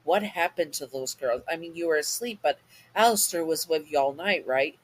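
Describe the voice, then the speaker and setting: A woman's voice: deep voice, normal speed, a little hiss or hum, rough recording. A woman casually reading a second-person fan audio story, often stumbling over and restarting words.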